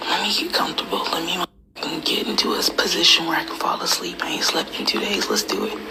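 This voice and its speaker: A young woman ranting casually and profanely, often dropping into a half-whisper, with loud mocking outbursts. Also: sits low, rough recording. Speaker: comedian and internet personality. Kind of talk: casual confessional rant.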